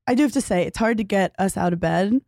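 A woman's voice: mid-range voice, fast talker, no echo, clean studio sound. A woman comedian guesting on a podcast, chatting casually and telling stories between bursts of laughter. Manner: laughing, animated storytelling. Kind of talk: casual chat.

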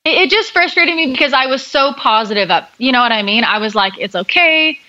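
A woman's voice: sits high, fast, pushed and bright, dull audio. A young woman guest speaking candidly and upbeat in a casual podcast conversation, telling her own story.

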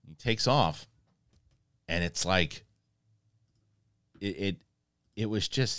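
Deep-voiced man recapping with animated asides. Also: no room sound, studio quality. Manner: animated, acts out quotes, many restarts. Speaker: host. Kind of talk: casual review recap.

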